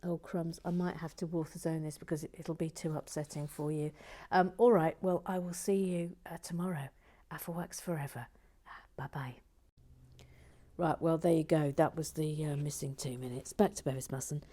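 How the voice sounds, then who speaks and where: A middle-aged woman who hosts a LEGO building channel chats at a moderate pace while building and reading viewer comments. Her low voice is warm and relaxed, her humor dry, and she keeps slipping into soft, half-whispered muttering to herself.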